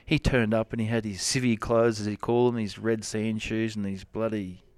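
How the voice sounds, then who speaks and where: A man's voice: on the low side, level tone, normal speed, a little mellow, no room sound. A man with an Australian accent, a rodeo cowboy telling stories in a casual interview, rambling with lots of fillers and restarts.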